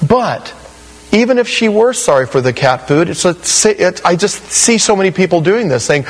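Animated man preaching a sermon. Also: high voice, fairly quick, low-quality recording. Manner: animated storytelling, acts out quoted voices, laughs at his own stories. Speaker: pastor.

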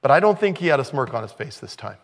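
Gravelly-voiced man preaching conversationally. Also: mid-range voice, fast. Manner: conversational, animated when retelling scenes. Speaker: pastor. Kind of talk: expository sermon.

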